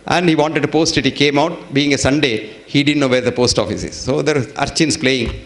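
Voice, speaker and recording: Indian man telling stories in a lecture. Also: medium pitch. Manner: humorous storytelling, slows to stress points. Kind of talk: public lecture with anecdotes.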